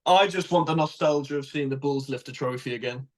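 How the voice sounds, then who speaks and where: A man's voice: medium pitch, a little fast. A man co-hosting a casual rugby podcast, talking with wry, laughing banter. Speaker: podcast co-host.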